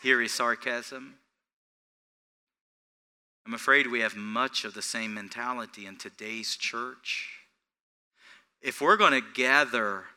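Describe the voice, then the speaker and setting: Bright-voiced man preaching a sermon. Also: medium pitch, a little slow, long pauses, clear, resonant tone. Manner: preaching without notes, asks the congregation questions. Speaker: pastor.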